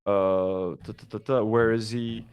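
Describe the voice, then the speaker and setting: A man's voice: fairly low pitch, steady tone, a little slow, smooth, dull audio. A man co-hosting a livestream, reacting in casual chat with lots of fillers and swearing. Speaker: livestream co-host.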